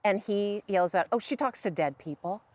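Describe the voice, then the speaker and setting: A woman's voice: medium pitch, lively intonation, moderate pace, darkish tone, no echo. A middle-aged woman, a psychic medium, chatting in an interview and telling stories in which she acts out the voices of other people. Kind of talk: conversational interview.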